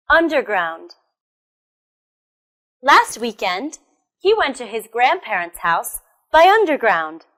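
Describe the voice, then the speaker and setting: An American woman teaching English pronunciation, enunciating words slowly and carefully and encouraging learners with questions. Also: fairly high pitch, a bit bright. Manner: slow, careful enunciation with repetition. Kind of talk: pronunciation lesson.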